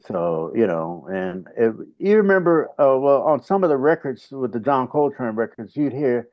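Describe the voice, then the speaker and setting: A male saxophonist giving a video call interview, talking in a rambling, halting way with many fillers, now and then humming little grunts. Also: medium pitch, sing-song. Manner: hums little grunts to illustrate. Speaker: saxophonist and bandleader, interview guest. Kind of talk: casual reflective storytelling. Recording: dull lo-fi video call audio.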